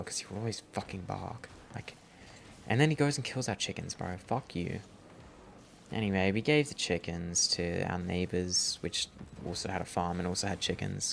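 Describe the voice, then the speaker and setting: A man's voice: sits low, creaky, slight background noise. A young man rambling through a story while gaming, swearing often and calling the listener bro. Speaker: gaming vlogger.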